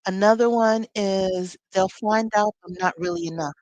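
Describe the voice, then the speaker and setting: A woman's voice: medium pitch, normal speed, a little mellow, dry recording, poor audio. A woman leading a live spiritual teaching, talking expressively with sassy, conversational asides.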